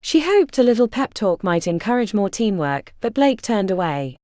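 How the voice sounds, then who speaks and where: Expressive woman audiobook narrator. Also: mid-range voice, normal speed, no echo, clean studio sound. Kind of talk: scripted narration.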